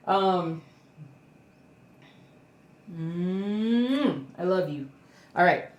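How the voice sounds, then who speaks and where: Low-voiced woman vlogging from home. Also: moderate pace, echoey room. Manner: rambling, with many fillers and baby talk to her dog. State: emotional, near tears. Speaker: cross stitch vlogger. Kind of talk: casual chat to camera. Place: indoors at home.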